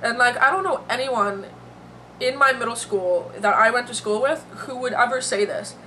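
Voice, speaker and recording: A woman's voice: a little high, normal speed, pushed and bright, slight background noise, low-quality recording. A young woman vlogging to her camera, emotional and teary, rambling with lots of fillers. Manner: emotional, rambling, heavy on "like" and "you know". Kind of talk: casual vlog commentary. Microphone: camera mic.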